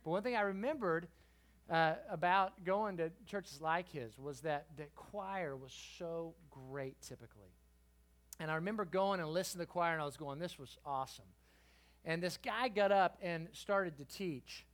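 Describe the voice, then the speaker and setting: A middle-aged man preaching to a youth group, telling a story with lively swings between quiet and loud. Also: a little high, normal speed. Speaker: guest preacher. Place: church youth service.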